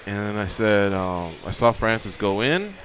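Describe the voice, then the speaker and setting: A man's voice: lowish voice, a little slow. A man co-hosting a radio show, telling a rambling story in casual chat, swearing and acting out what people said. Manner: animated, rambling, swearing, acts out quotes. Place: radio studio.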